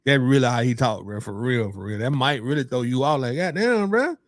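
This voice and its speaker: A man's voice: medium pitch, brisk, dry recording, studio quality. A man co-hosting a casual talk show, asking questions and musing aloud in a laid-back way. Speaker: podcast co-host.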